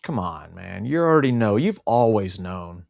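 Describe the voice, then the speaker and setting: A man's voice: fairly low pitch, big pitch swings, normal speed, gravelly, darkish tone. A man co-hosting a livestream, speaking in an indignant, sarcastic way. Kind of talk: casual livestream chat.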